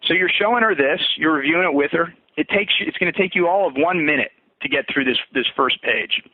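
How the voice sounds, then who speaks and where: A man's voice: fairly high pitch, fast talker, no echo. A man walking trainees through a sales script in a conversational training session, often repeating words as he restarts. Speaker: fitness business coach. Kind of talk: recorded sales training walkthrough. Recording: tinny phone-like audio.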